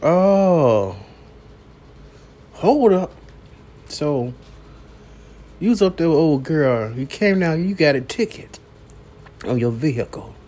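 A man hosting a late-night solo podcast, talking slowly and profanely and returning again and again to one catchphrase. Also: fairly high pitch, sing-song, warm tone. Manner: slow, profane, repeats a catchphrase; coughs now and then. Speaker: podcast host. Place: downtown building at night.

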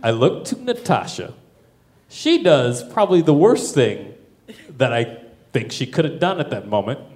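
A man telling a wild comic story in stand-up style, profane and animated, often laughing through his lines. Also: medium pitch, measured pace. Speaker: comedian.

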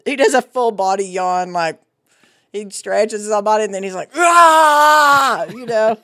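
A woman's voice: mid-range voice, normal speed, a little mellow, dry recording, studio quality. Teasing middle-aged woman podcast host. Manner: teasing, motherly, chatty with fillers. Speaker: podcast host, farm co-owner. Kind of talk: casual podcast chat.

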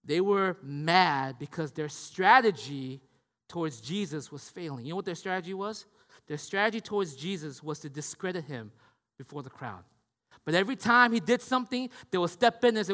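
A man preaching a sermon in a lively, conversational way, asking his listeners questions and swinging from loud to hushed. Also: fairly high pitch, normal speed. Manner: conversational, asks the audience questions. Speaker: pastor. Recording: long hall reverb.

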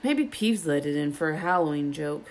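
A woman's voice: sits low, expressive, normal speed. A woman voicing a sulky, grumpy eleven-year-old schoolboy, snappy and sarcastic in a storybook reading. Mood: grumbling.

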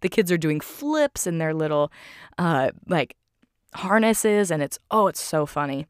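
A woman's voice: low voice, lively intonation, a little slow, clean tone, dry recording, clean studio sound. A woman recapping a film in a casual, enthusiastic way, full of fillers and "like".

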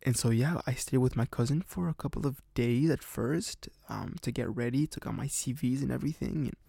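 A man's voice: medium pitch, brisk, gravelly, warm tone, breathy edge, no room sound, studio quality. A man in his twenties casually telling a personal story on a podcast, rambling with lots of fillers. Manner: rambling, many fillers and restarts. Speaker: podcast host.

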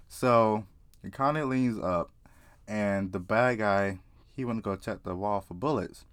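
A man casually telling a story to camera, profane and excitable, often laughing. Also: fairly low pitch, a little slow, smooth, no echo. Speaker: vlogger.

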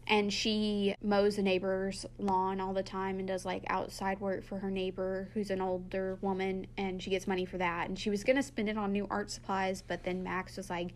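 A woman in casual chat, retelling a book's plot with animated quotes from its characters. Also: medium pitch, normal speed, hardly any pauses. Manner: animated, acts out quotes from the book. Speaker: book podcast co-host.

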